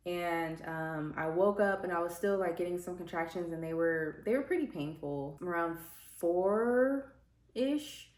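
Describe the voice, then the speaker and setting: A young woman vlogger telling her birth story in casual chat, full of fillers and acted-out quotes. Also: lowish voice. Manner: chatty, many "like" fillers, acts out quotes. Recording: echoey room with faint ambience.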